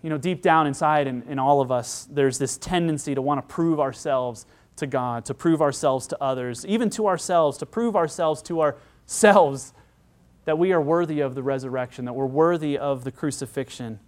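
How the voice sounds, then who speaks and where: A pastor with a high-pitched voice delivers his sermon. His preaching is conversational and animated, and he often doubles back to restart a phrase. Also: normal speed.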